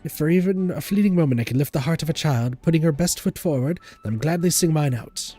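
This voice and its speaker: A man's voice: a little high, animated, fast talker, dark tone, voice pushed up, natural voice. A man voicing a glamorous, vain woman singer while reading game dialogue aloud, in a theatrical, lilting manner. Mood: earnest. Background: game music.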